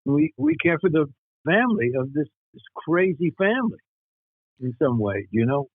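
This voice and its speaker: A man's voice: fairly high pitch, sing-song, moderate pace, creaky, husky, dry recording, narrow, tinny audio. An older man, an actor, chatting in an interview with many restarts and fillers. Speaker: actor guest. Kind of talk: casual interview chat.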